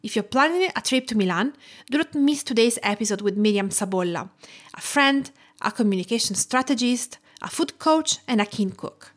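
A woman from Tuscany with an Italian accent, hosting a food podcast and reading her intro in a measured way. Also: on the high side, lively intonation. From Tuscany, Italy. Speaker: podcast host. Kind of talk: scripted podcast intro and interview.

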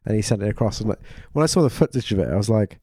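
A man hosting a casual golf podcast, relaxed and enthusiastic, asking easy questions. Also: on the low side, racing, no echo, clean studio sound. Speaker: podcast host.

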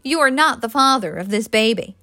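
A woman reading the part of a cheerful, brisk woman doctor in an audiobook. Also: fairly high pitch, expressive, pushed and bright, no echo, faint music behind.

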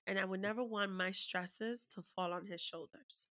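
A woman's voice: mid-range voice, steady tone, normal speed, sharp tone. A woman candidly telling a personal parenting story in conversation, openly emotional and swearing freely.

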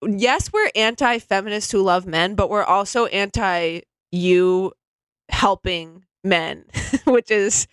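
A woman co-hosting a comedy chat podcast, dry and exasperated as she riffs. Her voice is smooth and clear at a middle pitch. It is recorded close with no room sound. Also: slow pace, no room sound. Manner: sardonic, exasperated, riffing. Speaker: podcast co-host.

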